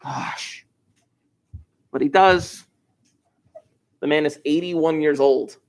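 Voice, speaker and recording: Middle-aged male teacher, rambling and upbeat, somewhat high-pitched, lecturing a class. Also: fairly even intonation, slow pace. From New Jersey. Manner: chatty, enthusiastic, wandering asides. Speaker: high school math teacher.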